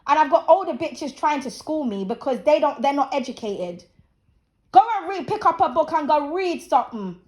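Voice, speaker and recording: A woman's voice: high-pitched, expressive, moderate pace, darkish tone. A woman in her thirties hosting her channel, ranting bluntly and profanely in a casual, preachy opinion talk. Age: 30s. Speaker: channel host. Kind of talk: casual opinion rant to camera.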